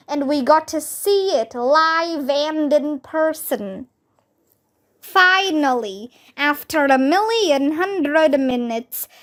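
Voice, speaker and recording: A woman with a Vietnamese accent reading a children's chapter book aloud, slow and expressive, raising her voice for the characters' shouts. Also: sits high.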